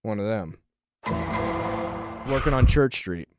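A man co-hosting a radio show, riffing in casual banter with animated delivery, acting out quotes. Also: lowish voice, slow pace, loud music behind the voice. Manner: animated, laughing, acts out quotes.

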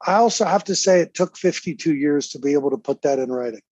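Husky, emphatic man in his fifties. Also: fairly high pitch, expressive, fast, a little mellow, dry recording. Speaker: guest. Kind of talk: reading a personal letter, then candid conversation. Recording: slightly dull, dry sound.

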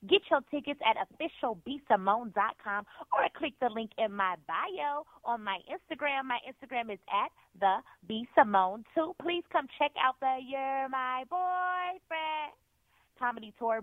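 A woman's voice: on the high side, expressive, normal speed, no echo. Hyped woman comedian on a tinny line. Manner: loud, hyped, rambling. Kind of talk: promo read.

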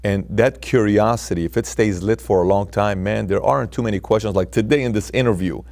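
A man being interviewed as a guest, telling stories in an animated way and often restarting and repeating his words. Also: lowish voice, a little fast, creaky. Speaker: podcast guest. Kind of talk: interview conversation.

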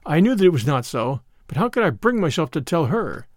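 A man narrating an audiobook in a dramatic, expressive first-person storytelling style. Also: on the high side, brisk, no room sound, clean studio sound. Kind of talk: scripted narration.

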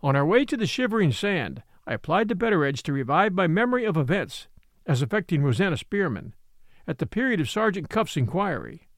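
Expressive male audiobook narrator. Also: on the high side, a little fast, no echo, clean studio sound. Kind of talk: scripted narration.

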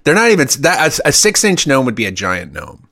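A man with a bright, forceful voice that swings widely in pitch as he jokes and laughs through casual podcast chat. The sound is dry and close. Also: wildly swooping pitch, a little fast, dry recording. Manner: joking, laughing, jumps in pitch.

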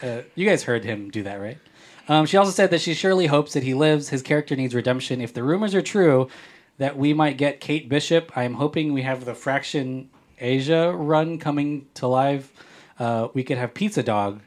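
A man's voice: mid-range voice, moderate pace. Joking male podcast host. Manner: jokey, playful, reads listener comments aloud. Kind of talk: casual podcast chat.

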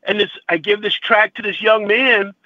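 Tearful high-voiced man on a phone line. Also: steady tone, dry recording. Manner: halting, stammering, emotional. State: crying. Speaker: caller. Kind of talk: telling a personal faith story.

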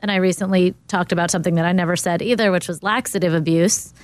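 A woman's voice: on the low side, fairly even intonation, fast, no room sound. A woman in casual conversation, speaking in an encouraging, supportive way. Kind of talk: casual chat.

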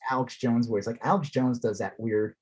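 Husky sarcastic man chatting. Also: mid-range voice, fairly even intonation, moderate pace. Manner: sarcastic, drops into mocking voices. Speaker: podcast co-host. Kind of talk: casual political chat.

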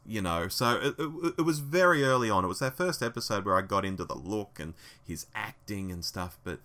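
A man co-hosting a fan podcast, chatting casually and animatedly, laughing and acting out quotes. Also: moderate pace. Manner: animated, laughs often, acts out quotes in a higher voice. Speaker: podcast co-host.

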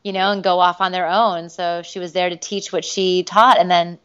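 A woman guest in a casual interview, talking in an animated way with many fillers and restarts. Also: fairly low pitch, moderate pace, clear, resonant tone. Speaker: voice actress guest. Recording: dull lo-fi recording.

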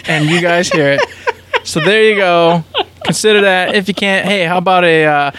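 A man's voice: sits high, moderate pace, noisy background. A man co-hosting a gaming podcast, rambling through news updates and casual chat and laughing often. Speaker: podcast co-host.

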